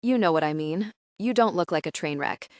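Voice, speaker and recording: A woman's voice: lowish voice, expressive, fairly quick, darkish tone, no room sound, clean studio sound, lightly acted. A woman narrator voicing a young woman best friend who teases and pries in an audiobook. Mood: prodding. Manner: playful, prying teasing. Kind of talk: audiobook character voice.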